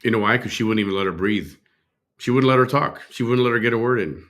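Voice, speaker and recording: A man hosting a reaction show, commenting in a relaxed, chatty way with hesitant fillers. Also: medium pitch, fast. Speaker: reaction video host. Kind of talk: casual commentary.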